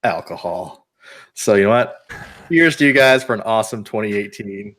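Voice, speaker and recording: A man's voice: fairly low pitch, lively intonation, moderate pace, fairly bright tone. A man from the US West Coast hosting a casual live-streamed podcast, rambling and restarting his sentences. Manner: rambling, repeats words and restarts. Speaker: podcast host.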